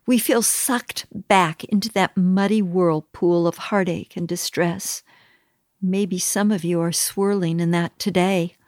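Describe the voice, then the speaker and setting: A woman leads a Bible study lesson, unhurried and earnest, placing each phrase with care. Her voice is mid-pitched and recorded close and dry, with no room sound. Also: darkish tone, no room sound. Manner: slow, measured, earnest delivery. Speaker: Bible teacher.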